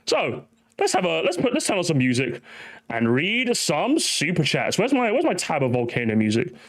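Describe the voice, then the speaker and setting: A man's voice: on the high side, wildly swooping pitch, moderate pace. A man streaming live, ranting animatedly and talking straight to his chat.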